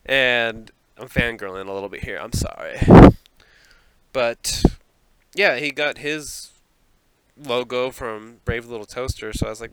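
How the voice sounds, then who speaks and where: Recording a solo podcast from a small closet, a man speaks with a medium pitch, fairly even intonation, and a slightly bright tone at a moderate pace. The recording is rough, with slight background noise, and he rambles in a self-deprecating way, often laughing at himself.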